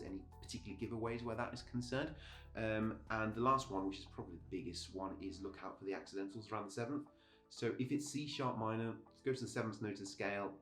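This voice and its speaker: A man's voice: fairly low pitch, a bit bright. A middle-aged man, a music teacher, giving a casual video lesson in a chatty, upbeat way that often breaks off and restarts. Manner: chatty, upbeat, self-interrupting. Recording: echoey room with faint background music.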